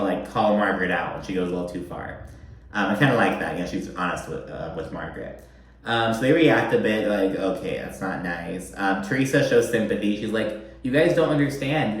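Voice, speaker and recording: A man chatting casually through a reality TV recap, swearing freely and using lots of fillers. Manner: chatty, profane, heavy on fillers, mimics quoted people in a higher voice. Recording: very echoey room.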